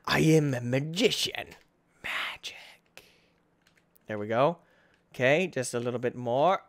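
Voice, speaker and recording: A young man giving excitable playthrough commentary, breaking into sudden high yelps and self-mocking groans. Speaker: gaming channel host.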